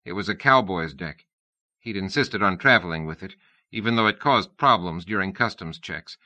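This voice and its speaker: A male audiobook narrator reads with steady, even storytelling. His voice is fairly low but bright and forceful, cutting clearly through each sentence. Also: normal speed.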